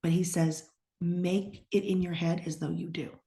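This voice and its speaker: A middle-aged woman from the eastern United States, a psychic medium who talks bluntly and sassily and drops into hushed whispers when quoting others. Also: fairly low pitch, flat delivery, a little slow, reverberant. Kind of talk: casual podcast conversation.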